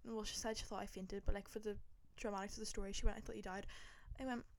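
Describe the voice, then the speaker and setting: A woman's voice: mid-range voice, little pitch movement, fast. A young woman, telling a dramatic travel story in casual chat, full of swearing and fillers. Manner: swears a lot, dramatic, lots of likes. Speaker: podcast host.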